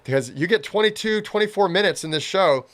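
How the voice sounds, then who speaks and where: Man, rather high voice, rambling casual co-host of an anime review chat. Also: animated, a little fast. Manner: rambling, restarts a lot, acts out quotes. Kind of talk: casual reaction discussion.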